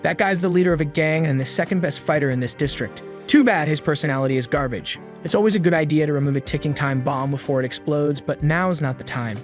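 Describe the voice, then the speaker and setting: A man voicing a calm, confident young male hero who sounds cool and unbothered, in a story recap. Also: a little high, quick pace, hardly any pauses, faint music behind, close to an everyday voice.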